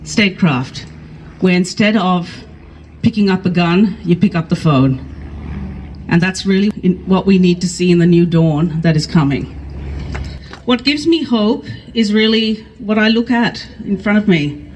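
A woman's voice: lowish voice, unhurried, a little mellow, slight background noise, rough recording. Earnest woman giving a rally speech. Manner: earnest, rousing, repeats phrases for emphasis. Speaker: politician speaking at a rally. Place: outdoor rally in a park.

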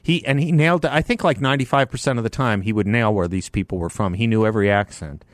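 A man's voice: on the low side, fast talker, no room sound, clean studio sound. Chatty radio talk host in his fifties. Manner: chatty, laughs often, reads news aloud then editorializes.

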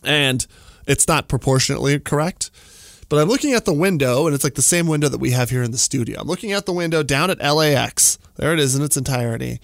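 A man in his forties rambles through a casual story, peppering it with "like" and small chuckles. His voice sits a little high for a man. The recording is dry and close, with no room sound. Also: animated, fast talker, vocal fry, dry recording. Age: 40s. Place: studio.

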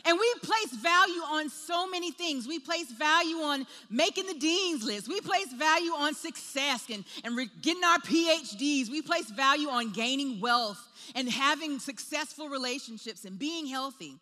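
Animated woman preaching in an echoey hall. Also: high-pitched, moderate pace, hardly any pauses. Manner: animated storytelling, acts out voices in quotes. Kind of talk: sermon with personal story.

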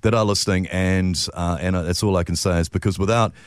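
A man's voice: low-pitched, steady tone, fast talker, smooth, dry recording, clean studio sound. A middle-aged man with a New Zealand accent, a longtime radio host speaking casually and often laughing. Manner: laughs often, gets emotional.

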